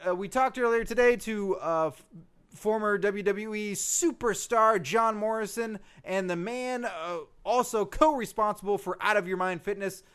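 A man's voice: high voice, normal speed, fairly bright tone, clean tone. A man hosting a comedy podcast, mock-indignant and stammering as he questions his co-host.

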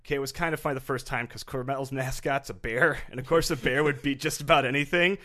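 A man's voice: mid-range voice, fairly even intonation, quick pace, bright, forceful tone. A man co-hosting a casual comedy podcast, reading out mock rules with wry jokes. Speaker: podcast co-host.

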